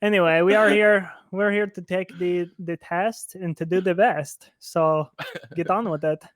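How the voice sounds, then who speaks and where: A cocky, boastful adventurer strides into the scene, as a man plays him at the table, his voice pitched fairly high and showing off. The sound is close and dry. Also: fairly even intonation, unhurried, no echo. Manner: cocky, showy. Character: brash boastful male adventurer. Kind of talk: in-character tabletop role-play.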